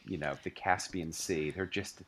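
A man with a somewhat low voice talks about books in a playful, expressive way, often breaking into light laughter. He sounds relaxed and conversational. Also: normal speed. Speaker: podcast co-host. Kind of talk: casual book-discussion chat.

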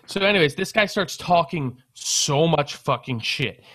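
A man's voice: fairly high pitch, expressive, measured pace, sharp tone. A young man telling a rambling, profane story in a casual podcast chat.

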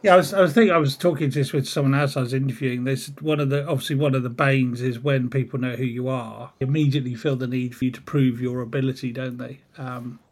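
A man hosting a casual podcast chat, adding quick interjections and dry quips. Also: mid-range voice, steady tone, husky. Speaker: podcast host.

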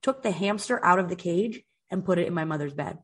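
A woman hosting a podcast in casual chat, telling stories in an animated way, with lots of "like" and swearing. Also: lowish voice, a little fast, slightly rough. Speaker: podcast host.

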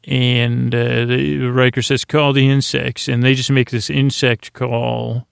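Gravelly dude droning through a sleepy show recap, lots of uhs and restarts, super dry mic. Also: male voice, mid-range voice, little pitch movement, dry recording. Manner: meandering, halting, full of "uh" fillers and self-corrections. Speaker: podcast host. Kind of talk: rambling sleep-podcast episode recap.

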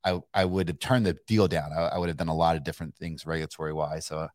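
Deep-voiced, swearing storyteller from Kentucky. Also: male voice, fast, no echo, studio quality. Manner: animated, profane, laughs mid-story, many restarts. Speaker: guest entrepreneur. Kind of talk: casual storytelling interview.

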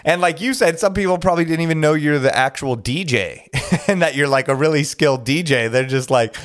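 A man's voice: on the high side, a little fast, dry recording, studio quality. A man hosting a podcast interview, easygoing and affirming as he talks things through. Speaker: podcast host.

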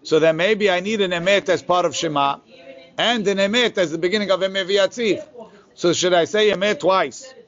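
Guy teaching talmud, slightly high voice, reads text fast then explains it chill, muffled lo-fi recording. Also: a bit bright. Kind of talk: Talmud class, reading and translating.

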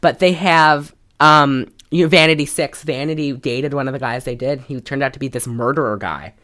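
Low-pitched woman rambling thru a movie recap podcast, lots of likes and ums. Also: moderate pace, a bit bright. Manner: rambling, lots of fillers and laughter. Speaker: podcast co-host. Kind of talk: casual chat recapping a movie.

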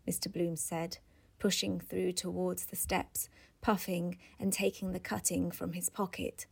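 Woman reading a classic novel aloud, slow and measured, kinda gravelly. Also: fairly low pitch, little pitch movement, a little mellow. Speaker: audiobook reader. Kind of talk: literary audiobook narration.

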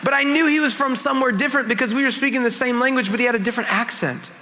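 A man's voice: extremely high pitch, very fast, pushed and bright, big-room sound, a little hiss or hum. A man, a worship pastor, giving a conversational sermon full of self-deprecating personal stories in a church sanctuary.

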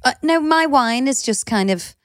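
A woman's voice: sits high, expressive, moderate pace, dry recording, studio quality. Chatty Liverpool woman co-hosting. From Liverpool, England. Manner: chatty, teasing, sprinkles in "you know" and "like". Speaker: podcast co-host. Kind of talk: casual chat.

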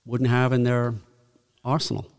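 A man's voice: medium pitch, completely flat delivery, moderate pace, clear, resonant tone, in a large hall. A man with a Northern Irish accent co-hosting a podcast, chatting casually and reeling off dates and facts. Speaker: podcast co-host. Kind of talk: casual chat.

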